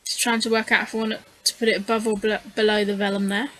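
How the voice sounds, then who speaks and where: Tired, bright-voiced woman narrating crafts. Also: mid-range voice, flat delivery, fast, low-quality recording. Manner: rambling, hesitant, with frequent fillers. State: tired, yawning. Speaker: scrapbooking channel host. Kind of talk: casual voice-over narration of a craft video.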